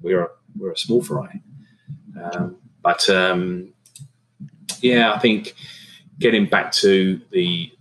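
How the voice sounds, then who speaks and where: A man's voice: deep voice, slow pace, long pauses, a little hiss or hum, low-quality recording. A middle-aged man, a catering business owner, chatting casually in an interview with lots of fillers and restarts. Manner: relaxed, rambling, many fillers and restarts.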